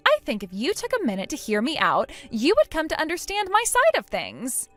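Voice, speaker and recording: A woman's voice: high-pitched, wildly swooping pitch, fairly quick, fairly bright tone, faint music behind, voice pushed up, exaggerated voice. A woman voicing a spiteful, mocking young woman in a text-message story, taunting and sarcastic. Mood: flustered.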